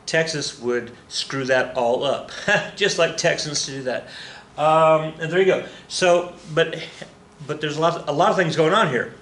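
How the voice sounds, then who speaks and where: A man's voice: fairly high pitch, unhurried, a bit bright, roomy sound. Joking, casual male history teacher. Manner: casual, joking, self-correcting, talks to students. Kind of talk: classroom history lecture.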